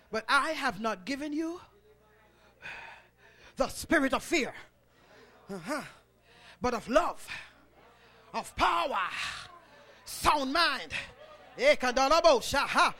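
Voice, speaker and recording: A man preaching a sermon, swelling into shouted, rhythmic phrases punctuated by "uh" and calling on the congregation to respond. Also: very high-pitched, expressive, takes it slowly, pauses often.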